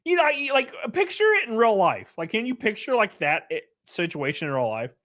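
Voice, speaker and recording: A man hosting his own livestream, rambling and swearing in a casual rant that swings between loud bursts and quiet mutters, chuckling often. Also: sits high, big pitch swings, fairly quick.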